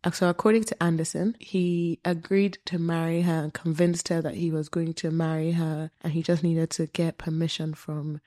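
A woman host retelling a true-crime story in casual chat, animated, with asides. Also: sits low, moderate pace, hardly any pauses. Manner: animated, with quoted voices and asides. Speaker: podcast host.

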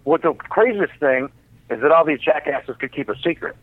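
A man's voice: on the high side, moderate pace, a little hiss or hum. A man, the guest, telling a casual, profane story with lots of restarts. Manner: animated, profane, many restarts. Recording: tinny phone-like, dry sound.

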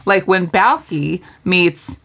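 A woman's voice: lowish voice, animated, slow, fairly bright tone. Wry woman podcast co-host. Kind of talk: casual chat.

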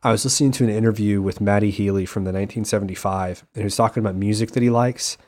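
Casual podcast co-host, male, low register, animated storyteller. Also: rapid-fire. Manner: animated storytelling, slips into playful accent impressions. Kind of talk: casual chat.

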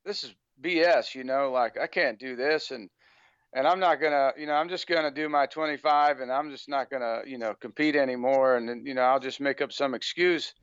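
A man's voice: mid-range voice, a little fast, fairly bright tone, clear, resonant tone, no echo, lo-fi sound. An American man speaking as a guest on an interview podcast, talking casually with a rambling flow full of "you know" fillers. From United States.

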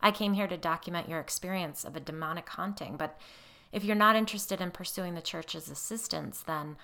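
A woman's voice: lowish voice, brisk, gravelly, sharp tone. A woman voicing a blunt, determined woman investigator with a firm, direct way of speaking, in a storybook reading.

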